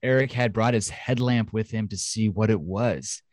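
A man's voice: on the low side, moderate pace, darkish tone, no room sound, clean studio sound. A man hosting a casual podcast, reading news stories in a jokey way, often laughing. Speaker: podcast host.

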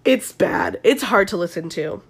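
Podcast host, young woman, SoCal accent, flu-hoarse, casual and sweary. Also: fairly low pitch, huge pitch swings, normal speed. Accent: Southern Californian. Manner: chatty, swearing, many likes and ums. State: sick with flu. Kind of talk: casual reality-show recap.

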